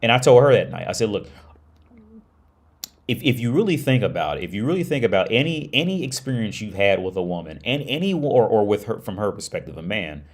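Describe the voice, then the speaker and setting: A man's voice: fairly low pitch, sing-song, a little fast. A man hosting a livestream, retelling a story in a rambling, profane, casual way. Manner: profane, rambling, many restarts. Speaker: livestream host.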